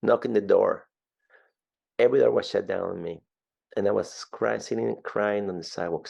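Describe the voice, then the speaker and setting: Gravelly Ecuadorian-accented man in his fifties. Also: fairly low pitch, moderate pace. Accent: Ecuadorian Spanish. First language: Spanish. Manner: animated storyteller, repeats words. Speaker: guest. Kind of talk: storytelling interview.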